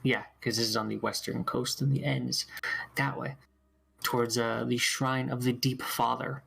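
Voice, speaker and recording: A man with a gravelly, creaky voice narrates a tabletop game as game master. He talks in a relaxed, halting way, full of ums and restarts. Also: mid-range voice.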